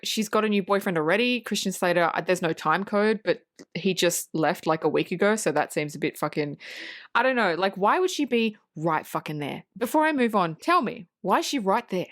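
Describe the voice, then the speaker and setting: A woman's voice: fairly low pitch, a bit bright. A woman co-hosting a casual film review podcast, bluntly retelling scenes and swearing freely. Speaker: podcast co-host.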